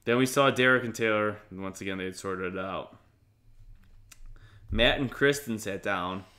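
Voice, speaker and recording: A man's voice: lowish voice, normal speed, bright, forceful tone. A man co-hosting a podcast in casual chat, sarcastic and swearing freely. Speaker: podcast co-host.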